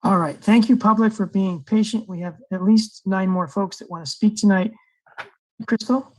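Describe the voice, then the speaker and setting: A man serving as mayor, chairing a city council meeting in a relaxed, conversational way. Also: sits high, moderate pace, poor audio. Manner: relaxed, conversational, moves things along.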